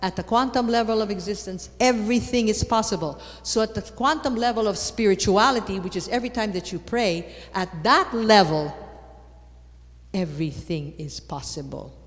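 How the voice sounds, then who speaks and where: A woman giving a lively conference talk on faith, repeating words for emphasis and rising to loud exclamations. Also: medium pitch. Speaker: conference speaker. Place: large conference hall. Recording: long hall reverb.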